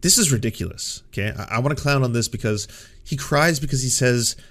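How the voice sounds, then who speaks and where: A man's voice: medium pitch, a little fast, fairly bright tone. A man hosting a show, talking in casual, sarcastic and profane commentary and acting out quotes in mocking voices. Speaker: show host.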